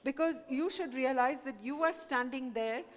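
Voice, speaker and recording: Indian woman prof talking to students, earnest and encouraging, kinda high voice, long echo from a big hall. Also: moderate pace. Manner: earnest, encouraging, mixes Hindi into English. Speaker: guest speaker, professor. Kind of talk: talk to students. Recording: echoey hall with long reverb.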